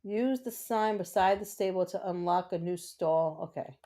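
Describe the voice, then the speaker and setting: A woman's voice: lowish voice, normal speed, dark tone. A woman hosting a gaming livestream, chatting casually and rambling to herself as she plays. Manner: chatty, self-talking, rambling. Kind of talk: casual chat while playing.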